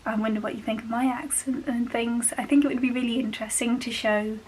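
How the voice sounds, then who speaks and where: A woman's voice: a little high, steady tone, a little fast, darkish tone, slight background noise, rough recording. A young woman from England with a Black Country accent, chatting casually to camera as a vlogger and laughing often. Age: young adult.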